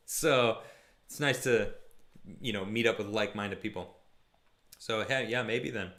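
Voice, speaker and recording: A young man hosting a live stream, reading chat messages aloud and chatting casually, shifting between jokey and somber. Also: fairly low pitch. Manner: chatty, animated, quick mood swings from jokey to somber.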